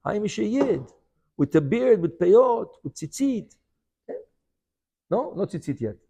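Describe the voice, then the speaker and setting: A rabbi teaching an animated Torah class, firing rhetorical questions and mixing in Hebrew terms. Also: male voice, sits high, slow, gravelly, husky.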